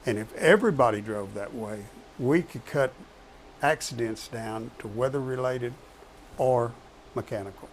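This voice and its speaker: A man's voice: mid-range voice, unhurried, slight background noise. A man who is a professional truck driver, talking casually and repeating his key points for emphasis. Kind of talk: casual talk show chat.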